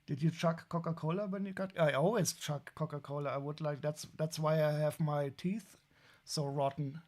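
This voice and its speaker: A man's voice: on the high side, steady tone, moderate pace, darkish tone. A man with a German accent chatting casually on a live stream while unboxing toys, wry and rambling with frequent restarts.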